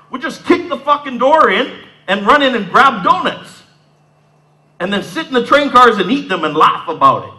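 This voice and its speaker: A man's voice: high voice, bright, forceful tone, poor audio. A man in his fifties from Southern Ontario, telling his life story in a talk, acting out the scenes in a streetwise way. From Southern Ontario, Canada. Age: 50s. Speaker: speaker giving a talk.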